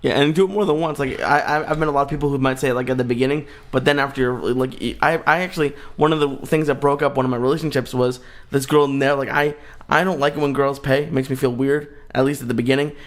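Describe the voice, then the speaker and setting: A man's voice: medium pitch, steady tone, fast talker. Hesitant young man, away from the mic. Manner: hesitant, restarts often. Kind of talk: casual podcast chat.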